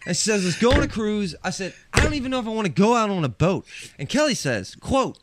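Brief: male podcast co-host, high, lively pitch, exasperated ranting energy. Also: fast, heavy background noise. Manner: animated ranter, shouting when acting out his own quotes. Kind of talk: casual chat, ranting storytelling.

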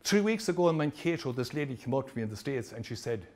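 A man giving a lively motivational presentation to trainees, telling stories with humor. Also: medium pitch, quick pace. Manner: animated, storytelling, jokey. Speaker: motivational speaker.

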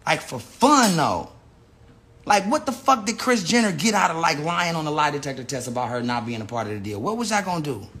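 A man's voice: a little high, big pitch swings, a little fast, fairly bright tone. A man ranting unscripted to his viewers, profane and rambling, often restarting his sentences. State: says he is high. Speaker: person telling his side of a story.

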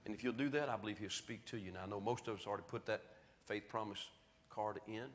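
A man's voice: lowish voice, fairly even intonation, quick pace. Man, middle-aged pastor, folksy sermon, long church reverb. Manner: folksy storytelling, then quiet earnest appeal. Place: church sanctuary. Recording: church hall reverb on a live stream.

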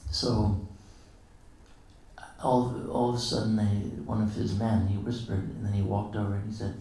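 A man's voice: lowish voice, steady tone, moderate pace, dark tone. A man giving a casual, anecdotal morning lecture at a temple, acting out the dialogue of his stories with chuckles. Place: temple hall. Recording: very echoey hall, distant mic.

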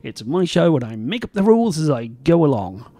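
A man's voice: fairly high pitch, big pitch swings, fairly quick, mellow, no room sound. A man hosting his own game show, chatting casually and rambling in a self-deprecating way while he plays. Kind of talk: casual gameplay commentary.

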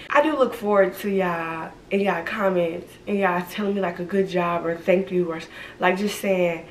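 Young woman, candid rambling vlog, slight retainer slur, low voice, echoey room. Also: a little hiss or hum. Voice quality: slightly slurred speech from retainers. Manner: rambling, frequent "like" and "y'all". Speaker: vlogger. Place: at home in her apartment. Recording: echoey room, distant mic.

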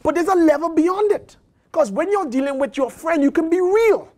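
A man preaching a sermon in a colloquial, animated way, acting out bits of dialogue. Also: extremely high pitch, normal speed. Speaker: pastor.

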